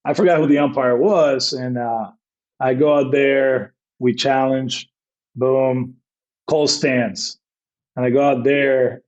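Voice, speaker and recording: A man in the middle register tells baseball stories on a podcast. His talk is loose and rambling, stacked with fillers and repeated starts. He breaks into quick acted-out dialogue as he tells it. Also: medium pitch, fairly even intonation, a little mellow, muffled recording. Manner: rambling anecdotes with many fillers and acted-out quotes. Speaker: baseball manager, podcast guest. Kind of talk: casual storytelling interview.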